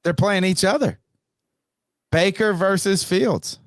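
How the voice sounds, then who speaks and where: A man's voice: sits high, slow, dry recording, clean studio sound. A man hosting a sports podcast, chatting casually and joking around. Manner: playful, joking. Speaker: podcast host.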